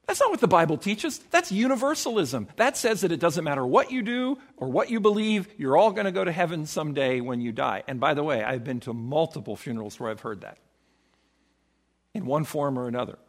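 A man's voice: lively intonation, a little fast. Emphatic preaching pastor, a man. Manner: emphatic preaching with acted-out quotes and sudden shifts in pitch. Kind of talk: sermon.

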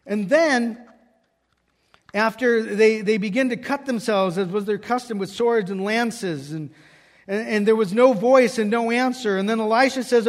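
A man's voice: high voice, unhurried. A man preaching a sermon, telling a scripture story and raising his voice when he quotes it. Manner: storytelling, quoting scripture with raised voice. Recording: long hall reverb.

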